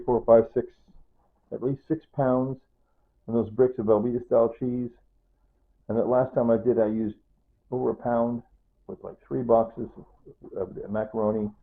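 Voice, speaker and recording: An older man chatting in a rambling way about his home food stores, repeating himself and clearing his throat often. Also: mid-range voice. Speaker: prepping vlogger. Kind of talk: rambling casual vlog talk. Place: home room with pantry shelves and computer. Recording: tinny phone-like audio.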